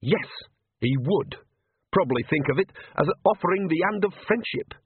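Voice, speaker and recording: A man's voice: high-pitched, expressive, normal speed, breathy edge, no room sound, narrow, tinny audio, voice pushed up, full character voice. A man voicing a blunt, cheeky old village witch with a teasing, homely way of talking.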